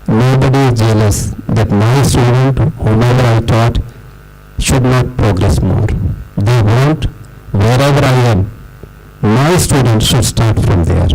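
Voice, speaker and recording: A middle-aged man with an Indian accent giving a formal closing speech at a school debate event, lecturing with emphatic pauses and stresses. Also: medium pitch, darkish tone, low-quality recording. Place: school hall.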